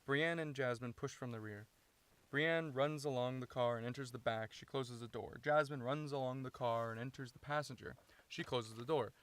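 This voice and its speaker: A man's voice: mid-range voice, normal speed, fairly bright tone, clean tone. Man reading stage directions in a car. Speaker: author reading his own screenplay. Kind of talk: script read-through narration. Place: inside a parked car.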